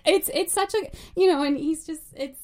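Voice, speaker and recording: A woman in a casual group chat about books, enthusiastic and quick to laugh. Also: very high-pitched. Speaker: book discussion co-host.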